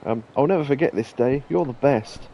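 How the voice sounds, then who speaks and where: A man's voice: medium pitch, brisk, mellow, slight background noise, pitched above the performer's own voice, lightly acted, low-quality recording. A man reading out the lines of a naive, earnest young woman hostess from a game's subtitles, lifting his voice only a little. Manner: plain read-through, slightly raised voice. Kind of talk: reading game subtitles aloud.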